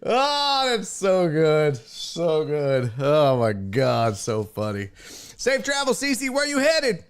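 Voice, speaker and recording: A man hosting a live sports talk stream, excitable and profane, greeting chat viewers by name and laughing often. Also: on the high side, takes it slowly, clear, resonant tone. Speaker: sports talk show host.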